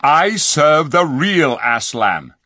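A noble young king, proud and quick to anger, speaking in lofty, formal phrases, as a man acts him out. The voice rises well above the reader's usual pitch and rings out loud, keeping a husky edge in a dry recording. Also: sing-song, dry recording, heavily acted. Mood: indignant.

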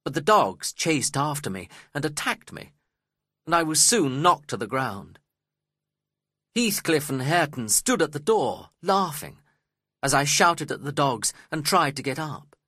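A man reading a first-person story aloud in a steady, measured way. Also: a little high, breathy edge, no echo, studio quality. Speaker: audiobook narrator. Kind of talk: scripted first-person narration.

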